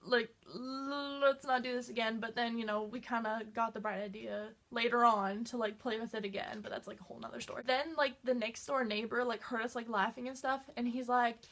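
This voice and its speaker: A woman with a high voice telling a story to her viewers in a loose, casual way. She is excitable and scattered, dropping "like" everywhere as she talks. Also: a little fast, few pauses. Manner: excitable, fills talk with "like". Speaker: vlogger.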